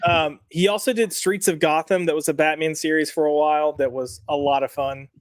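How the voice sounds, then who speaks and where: A man's voice: fairly high pitch, fairly even intonation, fairly quick, no room sound, studio quality. A man co-hosting a weekly comics podcast in casual chat, reading lines aloud and checking the live chat.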